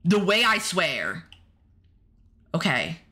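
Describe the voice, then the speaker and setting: A woman's voice: on the low side, sing-song, slow pace, pushed and bright. A woman streamer playing a horror game, chatting to her viewers and yelping when startled. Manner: jumpy, talks to the chat and the game, yelps when startled. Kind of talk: casual gameplay commentary to chat.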